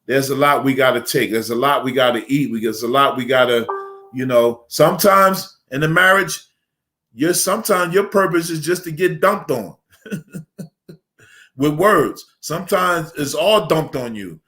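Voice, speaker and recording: A man's voice: a little high, unhurried, bright, forceful tone. A middle-aged man, an imam on a panel, giving casual, joking marriage advice with lots of fillers. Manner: joking, folksy, many fillers.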